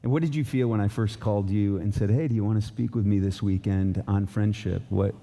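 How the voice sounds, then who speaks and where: A middle-aged man preaches in a casual, rambling way into a stage mic in a church. His voice sits low and sounds very dark and mellow. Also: steady tone, a little fast, vocal fry. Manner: casual, loose, with fillers and restarts. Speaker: pastor. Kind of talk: conversational sermon. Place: church auditorium.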